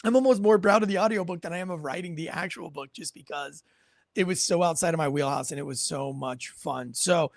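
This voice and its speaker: A man's voice: fairly high pitch, fairly quick, gravelly, dry recording. A man hosting a podcast in a casual, rambling storytelling way, often restarting his sentences. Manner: rambling, self-correcting storyteller. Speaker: podcast host.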